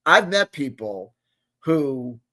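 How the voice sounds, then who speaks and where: Swearing and rambling through his reaction commentary, this host in his late forties keeps checking in with "you know what I mean." He speaks slowly but very animatedly, with a medium-pitched voice that sounds pushed and bright.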